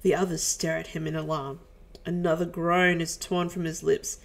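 A woman reading a film script aloud, with low-key, chuckling asides. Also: level tone, moderate pace, gravelly, rough recording.

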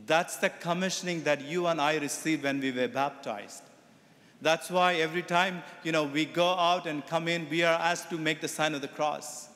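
A man's voice: fairly high pitch, steady tone, moderate pace, fairly bright tone. A man, a Catholic priest, giving a sermon that mixes teaching with a told story. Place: Catholic church. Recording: echoey church reverb.

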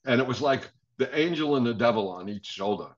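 Animated older man telling stories. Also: medium pitch, a little fast. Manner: animated storyteller, laughs often, acts out quoted voices. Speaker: drummer guest. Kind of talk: casual interview storytelling. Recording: dull lo-fi audio.

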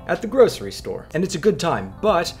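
A man telling stories in a casual vlog, with dry, deadpan humor. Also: on the high side, brisk, soft background music. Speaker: vlogger.

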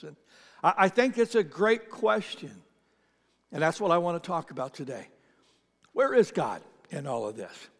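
A man preaching a sermon as pastor, conversational, often repeating words and swinging between loud emphasis and quiet asides. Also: high voice, normal speed, long reverb tail. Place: church sanctuary.

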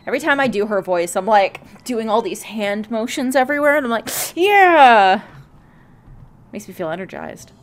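Giggly, animated woman gaming host. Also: mid-range voice, fairly quick, few pauses. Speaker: let's play host. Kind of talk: casual chat over a game.

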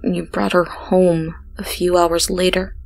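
Slow, hushed woman reading horror. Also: fairly low pitch, level tone, creaky. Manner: slow, hushed, with whispered passages. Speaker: horror story narrator. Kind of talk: scripted horror narration.

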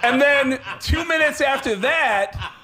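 A man's voice: lively intonation, takes it slowly, a crowd in the background. A Canadian man telling a comic story on a radio show, acting out everyone's lines and laughing as he goes. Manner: acts out other people's lines, pitch jumping high and low, laughing through the story. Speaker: comedian guest telling a story. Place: radio studio.

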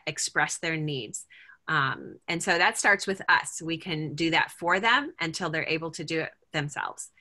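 A woman's voice: low-pitched, pushed and bright. A middle-aged woman leading a parent group over a video call, talking casually and thinking aloud with lots of fillers and restarts.

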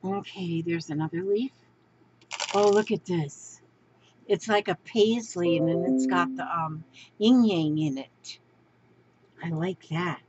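A crafting vlogger speaks slowly at an ordinary pitch while doing an unboxing show-and-tell, gushing, exclaiming and often repeating herself. Her home recording is dull and lo-fi, with a faint hiss underneath.

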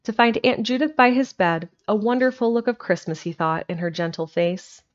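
A woman narrating an old storybook chapter with a gentle, expressive reading style. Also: mid-range voice, normal speed. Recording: dull lo-fi home recording.

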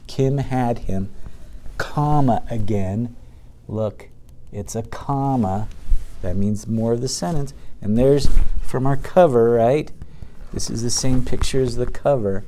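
A man's voice: mid-range voice, takes it slowly, dark tone, a little hiss or hum. A man teaching a reading lesson to young children, patiently sounding out words and reading aloud from a picture book.

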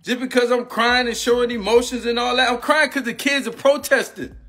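Agitated man ranting, high bright voice. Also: steady tone, brisk. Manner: agitated, repetitive, confrontational. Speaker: former football player and coach. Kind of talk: heated rant on a live stream.

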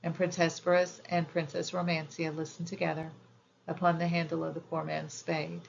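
A woman narrating a children's fairy tale audiobook in a measured, gentle storytelling manner. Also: deep voice, level tone, gravelly, lo-fi sound, a little hiss or hum.

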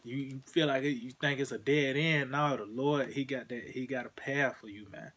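A man giving an informal sermon, talking in a loose, conversational way, often adding "man" and "you know", and slowing down when he reads scripture. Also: medium pitch, fairly even intonation, a bit bright, breathy edge. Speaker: preacher.

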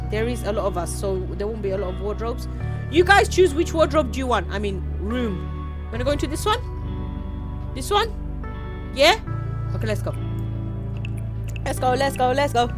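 A British woman streaming a game live, chatting to viewers, squealing and shouting as she plays. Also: on the high side. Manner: excitable, squeals and shouts while playing. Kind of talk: live gameplay commentary.

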